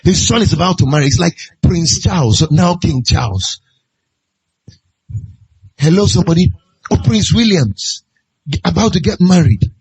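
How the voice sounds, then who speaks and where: A man's voice: fairly high pitch, a little mellow, slightly rough. A man preaching a sermon, pressing his point with repeated rhetorical questions. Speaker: pastor.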